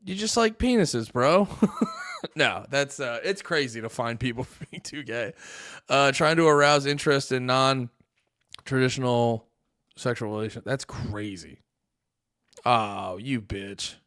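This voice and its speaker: A man's voice: mid-range voice, a little slow, a bit bright, no room sound, studio quality. A male livestream host giving casual commentary, profane and sarcastic, often breaking into laughter as he reacts. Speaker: streamer host.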